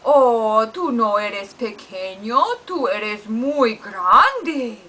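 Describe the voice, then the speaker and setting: A gentle dog, played by a woman, reassures a friend in a soothing voice. She talks slowly, and her pitch rises and falls in a lively way. The voice is bright and high. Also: full character voice.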